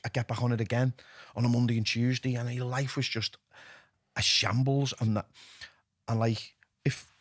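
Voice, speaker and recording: A middle-aged man with a Liverpool accent, telling his own story as a podcast guest, lively and candid, dropping to a hush when he quotes himself. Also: mid-range voice, normal speed, no echo, clean studio sound. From England. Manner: animated, drops to a hushed voice when quoting himself.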